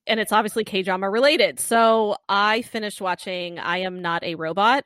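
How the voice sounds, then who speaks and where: A woman's voice: medium pitch, no echo. Dry-voiced woman telling a story. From United States. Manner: animated, laughing storyteller. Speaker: podcast co-host. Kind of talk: casual chat.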